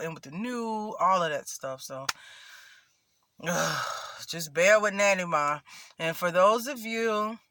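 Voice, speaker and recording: At home in Florida, a man chats casually to camera as a vlogger, sassy and talkative, referring to himself by a nickname in the third person. His voice is fairly high, pushed and bright, and the recording is dry.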